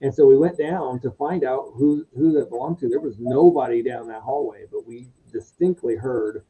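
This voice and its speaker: A middle-aged man, a podcast guest, telling a story casually in a rambling, halting way. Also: medium pitch, mellow, rough recording.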